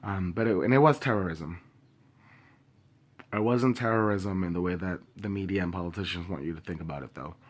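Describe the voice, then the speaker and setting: Grieving, impassioned young man, low voice. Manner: impassioned, halting with many pauses and fillers; swears openly. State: grieving and angry. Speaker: vlogger. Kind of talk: personal video statement.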